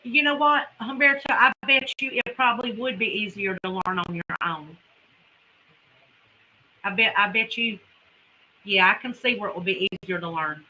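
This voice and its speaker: A woman's voice: mid-range voice, moderate pace, long pauses, pushed and bright, slight background noise, low-quality recording. A woman with a Southern US accent, chatting folksily with viewers as a homesteading livestream host. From Carolinas, US. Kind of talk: casual livestream chat with viewers.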